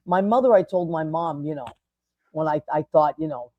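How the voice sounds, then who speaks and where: An older woman hosting a show, telling stories in an animated, chatty way with quick asides and restarts. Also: low-pitched, dull audio. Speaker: host. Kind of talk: casual storytelling chat.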